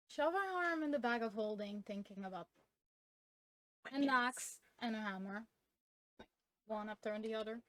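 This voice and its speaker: A woman with a fairly high voice plays in a tabletop role-playing game. She speaks very slowly and sometimes stumbles over her words, and the sound is dry and close. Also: fairly bright tone, no room sound, low-quality recording. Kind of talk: casual tabletop game play.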